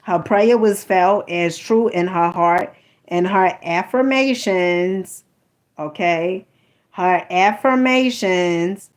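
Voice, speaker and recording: A woman reads a book aloud and keeps breaking off to talk with her listeners. Her manner is sassy and chatty, and she keeps calling them honey. Her voice sits in a middle pitch. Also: slow pace. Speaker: host reading a book aloud. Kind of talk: casual commentary while reading aloud.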